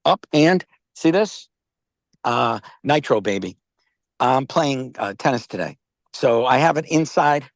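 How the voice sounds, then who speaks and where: A man's voice: mid-range voice, lively intonation, measured pace, creaky, dry recording. An older man, casually telling rambling stories on a video call and often checking in with "okay?". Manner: rambling storyteller, repeats words, says "okay?" and "all right?" often. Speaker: company founder pitching wellness products.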